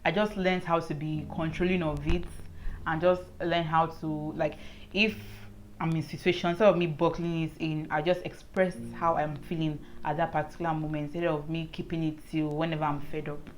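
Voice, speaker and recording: A woman's voice: low voice, flat delivery, moderate pace, slight background noise. A young woman vlogging to camera in her own room, chatting earnestly and saying "like" a lot. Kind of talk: casual chat to camera. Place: indoors at home, lit by a ring light.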